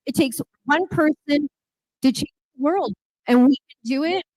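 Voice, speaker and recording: High-voiced woman telling a story. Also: a little slow, a little mellow, no room sound, poor audio. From Canada. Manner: emphatic, repeats key lines. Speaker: city councillor speaking at a political gala. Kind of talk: animated personal storytelling speech.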